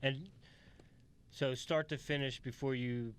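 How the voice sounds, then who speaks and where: A man's voice: mid-range voice, steady tone, slow, a little hiss or hum. A man hosting a podcast, asking brief, laid-back questions in a casual interview. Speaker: podcast host.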